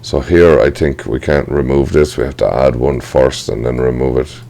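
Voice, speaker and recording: A man with a very deep voice, his low notes gravelly, walks through a software tutorial at his computer. He talks casually, thinks aloud and says sorry when he slips. It sounds like a desk mic indoors. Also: fairly even intonation, normal speed. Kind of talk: screen-recorded software tutorial.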